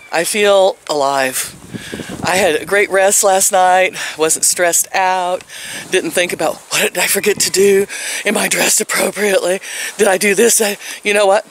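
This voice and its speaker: A woman's voice: on the low side, a little hiss or hum. An older woman vlogging casually from outside her home on a phone camera, telling stories and laughing often. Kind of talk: casual vlog chat. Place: outdoors at home.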